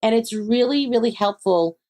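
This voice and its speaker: A woman's voice: fairly high pitch, animated, moderate pace, mellow. A woman, a psychic medium being interviewed, who talks animatedly and acts out her friends' voices as she tells stories. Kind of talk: conversational interview.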